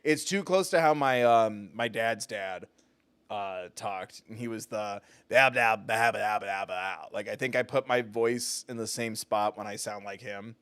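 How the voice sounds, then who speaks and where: A man's voice: on the low side, a little slow, smooth, no room sound. A man streaming a game live, chatting casually and self-deprecating, laughing often. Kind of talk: casual live gameplay commentary.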